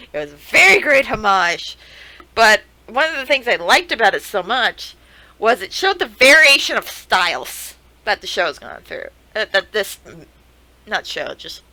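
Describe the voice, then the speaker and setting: A young woman streamer giving casual, excitable reaction commentary, swearing and laughing as she talks to the screen. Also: mid-range voice, moderate pace, dry recording, rough recording.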